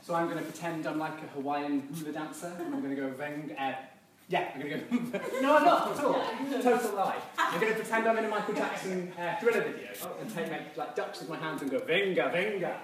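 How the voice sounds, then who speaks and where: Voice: mid-range voice, lively intonation, fast talker. A drama workshop leader teaching a silly group game, giving playful instructions and laughing often. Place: large hall with a group. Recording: very echoey hall, mic far off, loud crowd.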